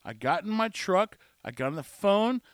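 With a high voice, big pitch swings and normal speed, a man hosting a podcast rants through a monologue with no room sound. He grows exasperated retelling his frustrating day, repeating himself and quoting dialogue.

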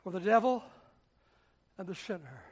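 A pastor preaching a sermon in a church, with a dramatic, repetitive cadence that swings from shouting to hushed whispers. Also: male voice, high voice, big pitch swings, moderate pace, breathy edge. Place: church sanctuary.

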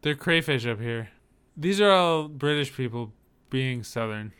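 A man's voice: mid-range voice, lively intonation, measured pace, fairly bright tone, clean tone. A man co-hosting a casual chat about movie trailers, rambling with hesitant fillers and dry humor. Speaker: podcast co-host.

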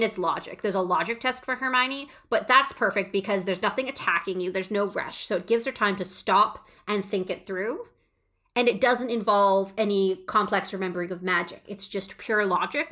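A woman talks through her reading of a book in an easy, conversational way. She is enthusiastic and analytical, and her speech is full of fillers. Her voice sits at a middle pitch. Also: pushed and bright. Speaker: podcast co-host. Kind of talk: casual book discussion.

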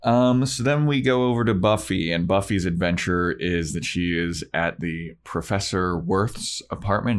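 A man co-hosting a casual podcast, retelling an episode and acting out the characters' lines. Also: low-pitched. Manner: animated storyteller who acts out quotes in voices. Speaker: podcast co-host recapping a TV episode. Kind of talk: casual chat.

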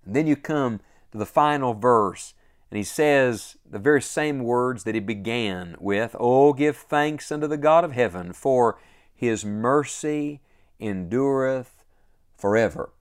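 A man's voice: mid-range voice, animated. A man preaching a devotional sermon, earnest and emphatic, repeating key lines and stretching out their final words. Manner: earnest, emphatic repetition with slow drawn-out endings.

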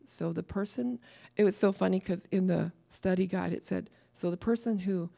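A woman preaching a sermon to a church, lively and laughing at her own asides. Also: on the low side, normal speed, vocal fry.

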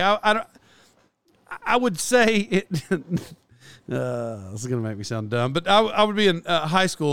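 High-voiced man in his forties rambling. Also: fairly bright tone, clean tone, dry recording. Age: 40s. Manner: self-deprecating, chatty, many fillers and restarts. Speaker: podcast host. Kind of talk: casual rambling monologue.

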